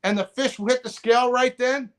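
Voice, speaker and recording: With a very high voice at normal speed, a middle-aged man tells a long, casual story as a guest on a podcast. He rambles, backs up to restart, and voices other people's lines with liveliness.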